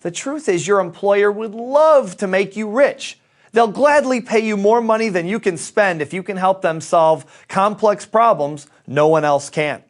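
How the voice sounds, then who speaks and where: A man speaking directly to the audience, measured and emphatic, as a motivational speaker. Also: high voice. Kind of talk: speaking directly to the audience about earning more.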